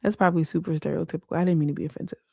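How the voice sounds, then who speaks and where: A woman's voice: deep voice, fairly even intonation, racing, gravelly, darkish tone, no echo, studio quality. A woman hosting a casual late-night livestream, talking in slang and answering viewer comments. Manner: slangy, frequent "like" and "you know". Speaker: livestream host.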